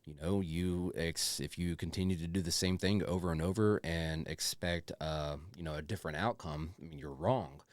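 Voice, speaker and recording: A man with a very deep voice hosts a podcast in relaxed, enthusiastic chat. He swears freely and calls everyone "dude." The sound is dry and close. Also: moderate pace, few pauses, no room sound. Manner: loose and enthusiastic, swears, says "dude" a lot. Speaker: podcast co-host. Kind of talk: casual chat.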